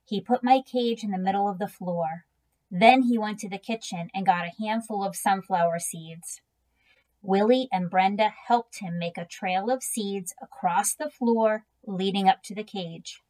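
A woman reading a children's book aloud in a gentle, unhurried storytelling manner. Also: medium pitch, poor audio. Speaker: reader.

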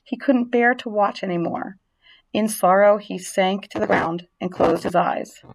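A woman reads a storybook aloud in a gentle, expressive way, her pitch sitting in a middling range. She lets the story's quiet moments settle. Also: unhurried, vocal fry. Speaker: narrator. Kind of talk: storybook reading.

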